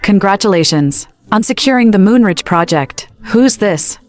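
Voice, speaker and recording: A woman's voice: medium pitch, expressive, moderate pace, a little mellow, no room sound, natural voice. An actress playing a businesswoman dinner guest in a dubbed drama, polite and curious.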